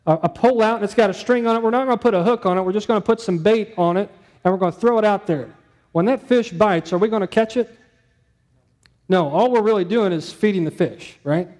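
A man's voice: high voice, dark tone. A man preaching a sermon to his church, talking conversationally and asking the room questions. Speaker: pastor.

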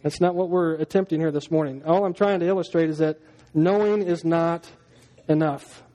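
A man's voice: a little high, steady tone, moderate pace, mellow. A man preaching a sermon as pastor, talking to the congregation in a chatty way and acting out everyday scenes in little voices. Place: church hall. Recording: long hall reverb.

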